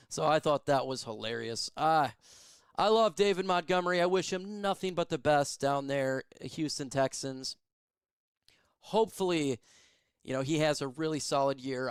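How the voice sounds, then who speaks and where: A man doing live fan play-by-play of a football game, emotional and excitable, shouting on big plays and chatting with viewers. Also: fairly high pitch, clear, resonant tone, no echo, studio quality.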